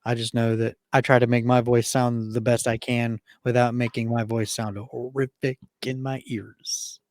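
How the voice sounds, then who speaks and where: Smooth-voiced man co-hosting a podcast. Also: medium pitch, level tone, moderate pace, no room sound, clean studio sound. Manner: laid-back, rambling, repeats words when starting sentences. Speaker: podcast co-host. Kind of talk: casual podcast chat.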